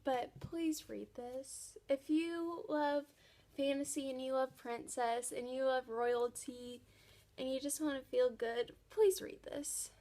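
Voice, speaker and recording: Gushing young woman, high voice, unhurried. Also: steady tone, warm tone, a little hiss or hum. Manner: gushing, enthusiastic fan talk. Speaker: book vlogger. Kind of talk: casual chat.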